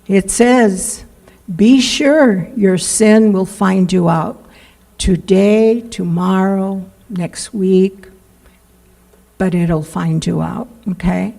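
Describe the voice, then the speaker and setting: A woman's voice: medium pitch, steady tone, vocal fry, dark tone, poor audio. A woman preaching a sermon in a church, earnest and pleading, leaning hard on key words. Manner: earnest, pleading, drawn-out emphasis. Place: church sanctuary.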